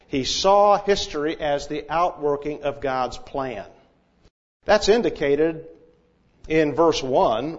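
A man preaching an expository sermon, teaching in a measured, deliberate and emphatic way. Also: on the high side, highs cut off. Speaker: pastor.

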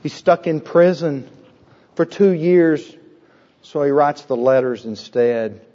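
A man preaching a sermon with a husky voice, emphatic and repetitive, asking the congregation rhetorical questions. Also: a little high, slow, dark tone, in a large hall, highs cut off. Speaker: pastor.

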